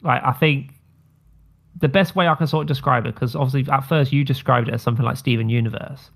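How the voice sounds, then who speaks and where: Guy on a podcast stream, gravelly voice, mid pitch, rambles and gets excited. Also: fast. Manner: rambling, enthusiastic, swears, laughs often. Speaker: podcast co-host. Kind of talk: casual chat. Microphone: streamed call mic.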